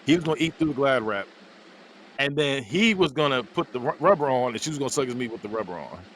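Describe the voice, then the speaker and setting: A man hosting a podcast, recapping a movie in an animated, casual way with frequent laughs. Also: mid-range voice, quick pace, slight background noise. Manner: animated storytelling, laughs often. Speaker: podcast host.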